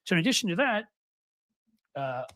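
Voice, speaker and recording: A man's voice: high voice, big pitch swings, moderate pace, bright, forceful tone, dry recording. A man in his fifties from New York City, hosting a political commentary monologue with sarcastic, mocking asides. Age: 50s. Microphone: studio microphone.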